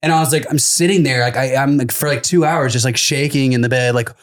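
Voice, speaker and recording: A man telling a long, wild childhood story on a casual comedy podcast. He laughs in the middle of his sentences and jumps into the voices of the people he describes. His voice sits at a middle pitch. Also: fast talker. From Los Angeles. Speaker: comedian guest.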